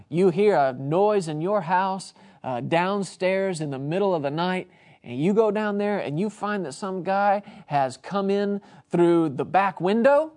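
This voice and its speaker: A man's voice: sits high, a little mellow. A man hosting a Christian broadcast, preaching earnestly and emphatically with repeated phrases. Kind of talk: televangelist sermon.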